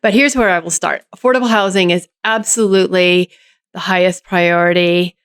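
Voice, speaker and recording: A woman's voice: fairly low pitch, fairly even intonation, moderate pace, fairly bright tone, clear, resonant tone, no echo, clean studio sound. A woman mayor answering interview questions, methodically breaking a problem into its parts. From Oregon, US. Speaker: city mayor as guest.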